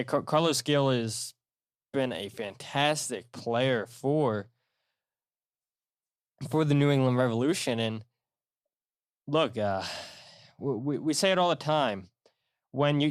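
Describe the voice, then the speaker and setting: A man's voice: mid-range voice, no room sound, clean studio sound. A man hosting a solo podcast in a casual, rambling way, full of fillers and restarts as he tells stories. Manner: rambling, animated storytelling with many fillers and restarts. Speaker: podcast host.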